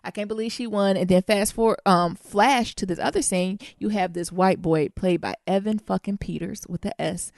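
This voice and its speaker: In clean studio sound with no room echo, a woman with vocal fry speaks at a moderate pace, hardly pausing, her voice medium in pitch. Co-hosting a casual podcast chat, she tells stories animatedly, curses plenty, and acts out quotes.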